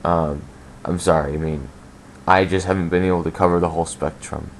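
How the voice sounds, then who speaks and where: Low-voiced rambling man podcasting. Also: steady tone, fairly quick, a little hiss or hum. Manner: rambling, blunt, swears freely, many fillers. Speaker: podcast host. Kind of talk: casual solo podcast rant.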